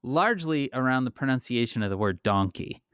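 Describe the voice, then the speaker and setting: A man's voice: medium pitch, lively intonation, brisk, a bit bright, smooth, no room sound, clean studio sound. A man co-hosting a podcast, teasing and playful in casual chat. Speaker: podcast co-host.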